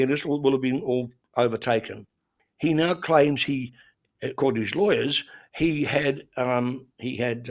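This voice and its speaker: A man with an Australian accent chatting as a regular on a talk show, telling stories with many restarts and fillers. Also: mid-range voice. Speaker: regular commentator. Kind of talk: casual radio chat.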